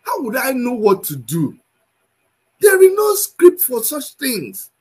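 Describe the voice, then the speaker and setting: Impassioned man scolding, animated voice. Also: very high voice, slow pace, breathy edge, low-quality recording. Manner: scolding, repeats himself, raises his voice to shouting. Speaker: commentator. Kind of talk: impassioned online commentary.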